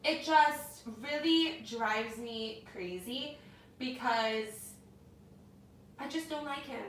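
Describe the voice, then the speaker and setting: A young woman co-hosting a casual entertainment news chat, opinionated and animated, with lots of "like.". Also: fairly high pitch, slow. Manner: animated, opinionated, heavy use of "like". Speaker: co-host. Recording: echoey room, mic at a distance, faint noise.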